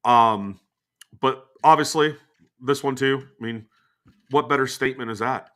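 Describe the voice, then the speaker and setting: A man's voice: medium pitch, measured pace, fairly bright tone. A man hosting a podcast in loose, rambling casual chat, swearing freely. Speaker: podcast host.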